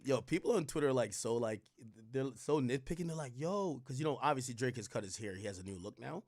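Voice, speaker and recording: A man hosting a live stream, talking in a rambling, animated way with lots of filler words. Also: mid-range voice, fast talker, dry recording, clean studio sound. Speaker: streamer host. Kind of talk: casual live-stream commentary.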